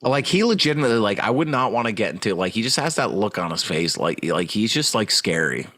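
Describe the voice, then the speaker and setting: A man's voice: on the low side, very animated, fast talker, fairly bright tone, no echo, clean studio sound. A young man co-hosting a podcast, joking crudely in casual chat. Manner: crude, joking, slips into silly put-on voices. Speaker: podcast co-host.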